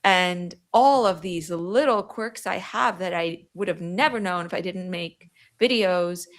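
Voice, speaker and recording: A woman's voice: fairly low pitch, measured pace. Chatty woman with a Yiddish accent. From New York, USA. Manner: chatty, interrupts herself mid-sentence. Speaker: guest. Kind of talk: podcast conversation.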